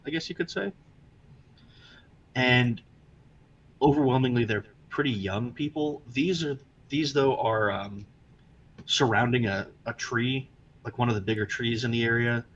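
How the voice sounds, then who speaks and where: A man's voice: mid-range voice, a bit bright, lo-fi sound, slight background noise. A man narrating a tabletop game as game master, describing the scene loosely with many fillers over an online call.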